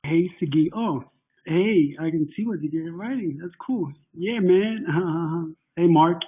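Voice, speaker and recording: A man, hoarse from flu and nearly voiceless, joking and playful in a halting way as a guest on a call. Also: fairly high pitch. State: losing his voice, husky from flu. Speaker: fitness program creator, guest. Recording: tinny phone-line audio.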